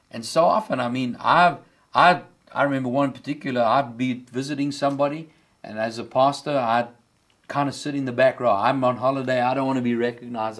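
A middle-aged man, a pastor with a South African accent, preaching a sermon and jumping up in pitch on the words he stresses. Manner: impassioned preaching, rising high on key words.

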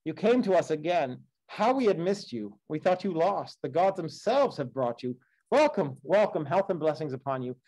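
A man's voice: fairly high pitch, very animated, normal speed, a little mellow, voice pushed up, rough recording. A man voicing Dolius, a devoted old servant who is overjoyed at his master's return, in a read-aloud of an epic poem. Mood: joyful.

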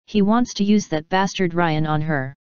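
A woman's voice: fairly low pitch, moderate pace, a little mellow, clean tone, dry recording, highs cut off, close to an everyday voice. A woman voicing a distraught female prisoner who speaks shakily with anger and desperation. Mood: desperate. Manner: shaky, desperate.

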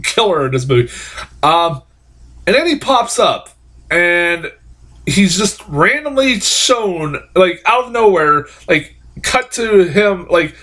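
A man's voice: a little high, pushed and bright. A man giving a casual, profane, rambling film review, exasperated and full of fillers.

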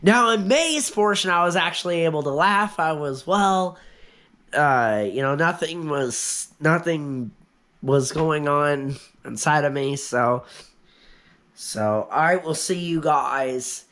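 Sick young man vlogging slowly. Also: fairly high pitch, fairly bright tone. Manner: slow, halting, with fillers. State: sick, coughing. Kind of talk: casual vlog chat.

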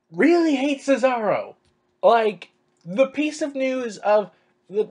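A man's voice: high-pitched, slightly rough. A man ranting sarcastically to camera in a vlog, crude and full of stammered restarts. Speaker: wrestling commentary vlogger. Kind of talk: opinion rant to camera.

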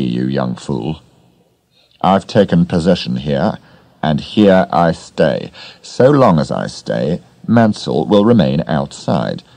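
A man's voice: very deep voice, vocal fry, darkish tone, dry recording, heavily acted. A man voicing a grim, flabby villain. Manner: slow, deliberate, menacing. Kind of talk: audiobook character reading.

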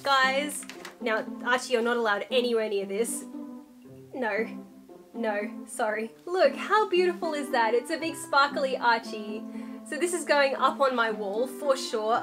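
A woman chatting excitedly as she unboxes parcels at home, gushing over each item and scolding her pet. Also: on the high side, measured pace, music in the background. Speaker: vlogger. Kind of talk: casual unboxing vlog.

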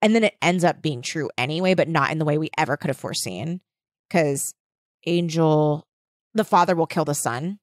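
A woman's voice: sits low, expressive, moderate pace, dry recording, clean studio sound. A woman co-hosting a podcast in casual chat, talking with lots of "like" fillers and acting out quotes. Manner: chatty, uses many "like" fillers, acts out quotes. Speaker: podcast co-host.

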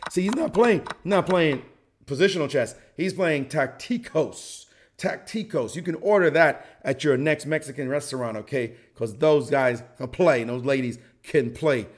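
A middle-aged chess commentator gives a playful, joking chess lesson, acting out the players' reactions along the way. His voice is medium in pitch and moves at a normal speed.

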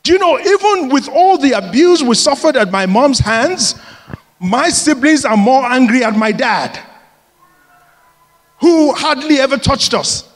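A male pastor preaches with a notably high voice, mixing scripture with lively personal stories and frequent laughter. His words ring out with the long reverb of a large church hall. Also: unhurried. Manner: lively, laughs often while telling stories. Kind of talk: sermon with personal storytelling.

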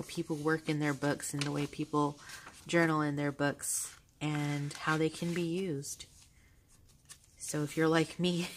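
Woman vlogger, low voice, gushing casual chat, soft-spoken. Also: slight background noise. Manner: gushing, soft-spoken, with frequent fillers and laughs. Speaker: vlogger showing a journal. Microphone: handheld camera held close.

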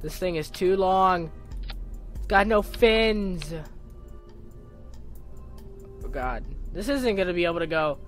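A man giving casual, excitable commentary while playing a video game, talking to himself and bursting into cheers, his voice cracking now and then. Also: sits high, measured pace, soft background music. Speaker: gaming video creator. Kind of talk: casual let's-play commentary.

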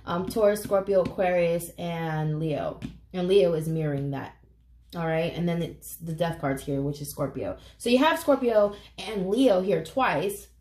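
A woman's voice: on the low side, unhurried, darkish tone. A woman giving a casual tarot reading to camera, earnest and emotional, swearing casually as she talks. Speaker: tarot reader. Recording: echoey room.

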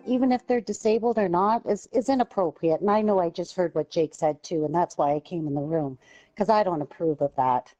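A woman's voice: mid-range voice, mellow, rough recording. A woman, a parent, scolding a rude gamer in a lecturing, sarcastic way.

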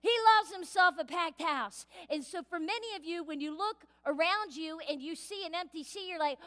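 A woman pastor preaching a sermon in a church, lively and playful, acting out voices as she goes. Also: very high voice, normal speed, hardly any pauses. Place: church sanctuary. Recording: reverberant church hall.

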